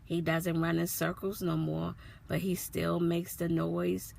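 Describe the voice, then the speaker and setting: A woman's voice: on the low side, level tone, unhurried, creaky, a little mellow, slight background noise. A woman, a mother, earnestly telling her son's story in a personal vlog, repeating herself with feeling. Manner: earnest, repetitive, emotional retelling.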